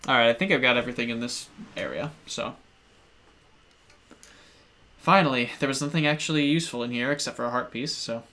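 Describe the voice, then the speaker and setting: A man's voice: mid-range voice, lively intonation, a little fast, long pauses, pushed and bright. A man streaming his gameplay, easygoing and joking as he narrates what he is doing. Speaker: streamer playing the game. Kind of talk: casual gaming chat.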